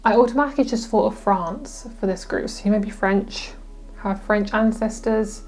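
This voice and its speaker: Young woman tarot reader, excitable and gushing, casual and profane, mid-pitched. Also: moderate pace. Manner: gushing, excitable, swears freely. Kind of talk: casual pick-a-card tarot reading.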